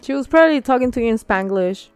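A woman's voice: fairly high pitch, lively intonation, fast talker, clean tone, no echo, faint music behind. Woman co-host reacting casually. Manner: short reactions, teasing questions. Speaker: podcast co-host. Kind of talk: casual podcast chat.

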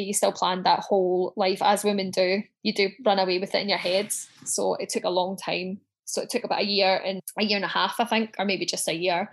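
A woman recounting a personal story with blunt, unfiltered honesty, swearing freely. She slips into the voices of the people in her story as she quotes them. Her pitch sits in the middle range for a woman. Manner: frank, sweary, acts out quoted dialogue.

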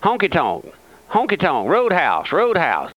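A man's voice: a little high, wildly swooping pitch, measured pace, dry recording, exaggerated voice. A man doing a cheeky old parrot. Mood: blurting. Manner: repetitive, blurting. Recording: dull lo-fi radio broadcast.

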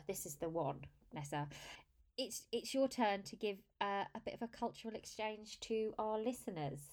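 Woman podcast host, casual and chatty. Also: mid-range voice. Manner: friendly, restarts phrases, many fillers. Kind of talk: casual interview chat.

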